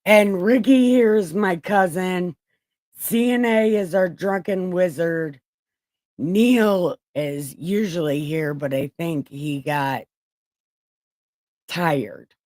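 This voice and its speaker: A woman in her forties hosting a livestream in casual, joking chat, swearing freely and laughing often, with a flat, robotic-sounding voice. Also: fairly low pitch, slow, dry recording, low-quality recording. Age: 40s. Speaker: livestream host.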